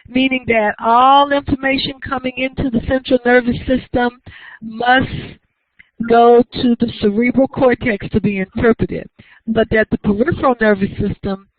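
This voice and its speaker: A woman lecturing to a class, explaining each idea patiently and often pausing to ask whether everyone follows. The recording is dry and thin, with a narrow, phone-like sound. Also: on the high side, steady tone, no room sound. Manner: explanatory, checks understanding with frequent questions. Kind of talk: university lecture.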